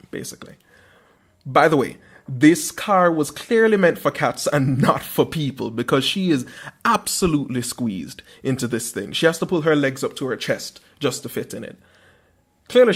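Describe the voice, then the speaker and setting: Slightly high-voiced man hosting, wry and theatrical. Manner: wry, self-mocking, theatrical asides. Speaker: podcast host. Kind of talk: comic dream retelling.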